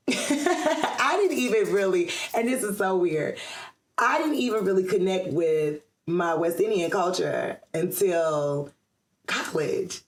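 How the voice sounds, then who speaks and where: A middle-aged woman from the Atlanta area, USA, is a guest in a casual interview, speaking slowly in a lowish voice. She says "um" a lot and laughs often, and the sound is roomy.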